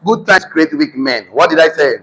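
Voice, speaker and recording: A man's voice: a little high, animated, normal speed, pushed and bright, big-room sound, low-quality recording. A man with a Nigerian accent teaching a seminar class, repeating key lines, dictating punctuation aloud and calling for responses from the room.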